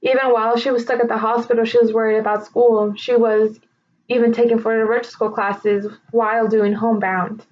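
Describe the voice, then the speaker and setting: A woman's voice: a little high, level tone, a little hiss or hum. Emotional young woman giving a tribute. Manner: emotional, halting, holding back tears. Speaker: speaker honoring her sister. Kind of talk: recorded personal tribute speech. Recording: slightly dull lo-fi recording.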